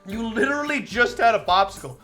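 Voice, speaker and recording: A man's voice: very high voice, animated, fairly quick, pushed and bright, soft background music. A young man streaming a visual novel, chatting casually, laughing often and swearing freely. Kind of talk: casual live-stream commentary.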